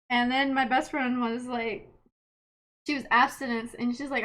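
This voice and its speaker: A woman in her late twenties, a streamer telling stories in casual chat, animated, laughing often and swearing freely. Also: high voice, brisk. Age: late 20s.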